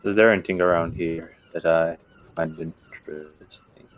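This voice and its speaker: A man's voice: low-pitched, fairly even intonation, normal speed, phone-quality sound, slight background noise. A man playing a tabletop game, dry and sarcastic. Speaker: player. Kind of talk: casual tabletop play.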